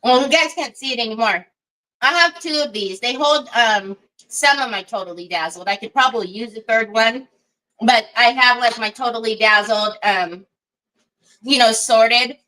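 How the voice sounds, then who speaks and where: A woman's voice: a little high, normal speed, pushed and bright, rough recording. A woman hosting a casual craft livestream, chatting to viewers by name, laughing often and teasing herself. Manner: self-deprecating and giggly.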